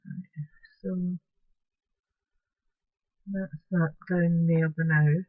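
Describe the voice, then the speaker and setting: A woman's voice: fairly low pitch, steady tone, extremely slow, no room sound. A Scottish woman talking through a craft tutorial at home in a chatty way, with apologetic asides as she works. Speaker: crafting vlogger. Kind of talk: casual craft tutorial narration. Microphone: camera close-up. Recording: dull, dry home recording.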